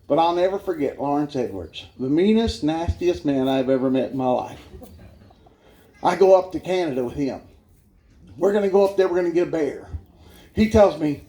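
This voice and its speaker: A man with a high voice tells his life story at a church revival. His way of talking is folksy and self-mocking, and laughter keeps slipping into his words. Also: lively intonation, normal speed, dark tone. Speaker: guest speaker giving his life testimony.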